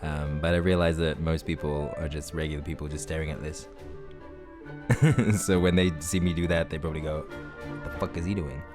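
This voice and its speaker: A man's voice: rumbling low, little pitch movement, fairly quick. A man doing playful let's play commentary, reading game text aloud and laughing at himself, close to the mic. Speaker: gaming YouTuber. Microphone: mic in front of face. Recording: game music behind.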